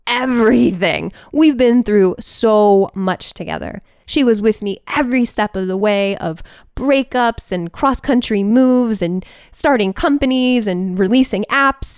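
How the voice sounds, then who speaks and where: A woman podcast host telling a personal story in an animated, expressive way, with big swings in pitch and pace. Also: clean tone, no room sound, studio quality.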